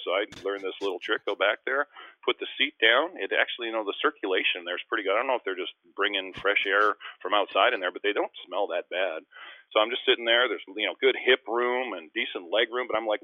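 A man's voice: fairly low pitch, fast talker, no echo. A middle-aged man from Canada, a former basketball player, telling chatty, self-deprecating stories as a guest. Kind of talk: casual storytelling. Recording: tinny phone-like line, dry.

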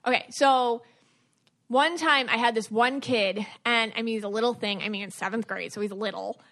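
A woman podcast host and aura reader telling stories from her past in an animated, chatty way. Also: on the high side, moderate pace. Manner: animated storytelling with many fillers. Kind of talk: casual podcast chat.

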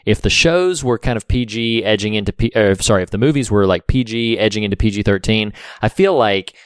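A man's voice: lowish voice, lively intonation, a little fast, smooth, dry recording, studio quality. A man co-hosting a podcast in casual chat, rambling with frequent restarts. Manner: rambling, restarts, laughs often. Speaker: podcast co-host.

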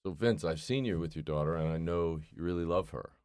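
A male host leading an interview, asking plain questions that encourage his guest to open up. His voice sits very low. The sound is dry, with no room echo. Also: a little fast, darkish tone, clear, resonant tone.

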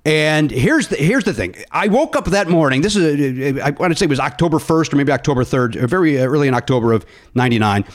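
A man hosting a comedy podcast in casual interview chat. His pitch swoops up and down as he tells stories, and he keeps breaking into laughter. His voice sits a little higher than average. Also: fast. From Illinois. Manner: animated, laughing storyteller. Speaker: podcast host.

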